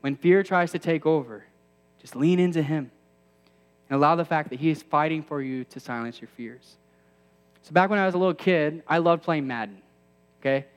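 A man's voice: on the high side, normal speed, pauses often, clean tone, big-room sound. A man in his thirties preaching a sermon to a campus ministry, conversational with self-deprecating asides that build to emphatic peaks.

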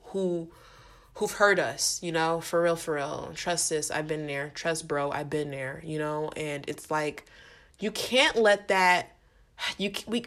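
A woman's voice: fairly low pitch, fairly bright tone. Earnest woman podcaster, slangy and direct. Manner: earnest, repetitive, slangy, addresses listeners directly. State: getting emotional. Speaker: podcast host. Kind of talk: casual faith-based podcast monologue.

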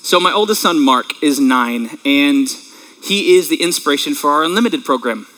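A man in his thirties preaching a sermon in an earnest, conversational way, emotional and tearful at times, clearing his throat. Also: a little high, animated, measured pace, pushed and bright, rough recording. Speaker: pastor.

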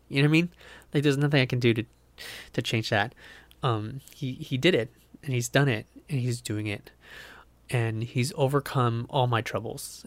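A young male pastor talks through scripture on his podcast in a loose, heartfelt way, trailing off and circling back to his point. His voice sits in a middle pitch, recorded close and dry with no room sound. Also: no room sound. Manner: earnest, rambling, self-interrupting with laughs. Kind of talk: casual devotional talk.

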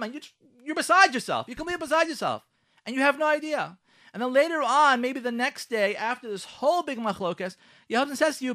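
A man hosting a radio talk show, speaking in a lively way, acting out both sides of arguments and mixing in Hebrew and Yiddish terms. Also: very high-pitched, quick pace, no room sound, clean studio sound. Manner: lively, acts out both sides of quarrels in shifting voices. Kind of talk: animated radio talk with acted scenarios.

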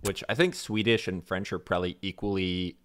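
A man's voice: low-pitched, steady tone, a little fast, a bit bright, clear, resonant tone, no room sound. A man co-hosting a podcast, chatting casually with dry, wry remarks. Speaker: podcast co-host.

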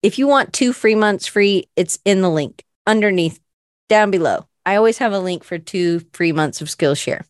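A woman's voice: medium pitch, normal speed, no echo, studio quality. A middle-aged woman hosting her own show, rambling through casual chat with lots of fillers and self-deprecating asides. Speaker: show host.

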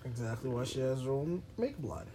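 A young man guesting on a podcast, chatting casually and teasing the others with quick interjections. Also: medium pitch, animated, mellow, a little hiss or hum. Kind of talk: casual chat.

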